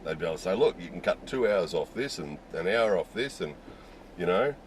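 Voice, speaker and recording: Poor audio with a touch of hiss or hum carries a low, animated, brisk male voice. He's a middle-aged Australian hosting a video, chatting candidly to camera about his opinions and wandering off with lots of "you know"s.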